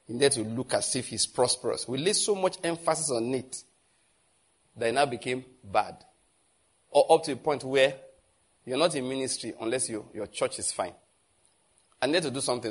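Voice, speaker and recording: A man with a Nigerian accent preaching a sermon, animated and asking the congregation questions. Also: mid-range voice, breathy edge. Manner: animated, asks the audience questions.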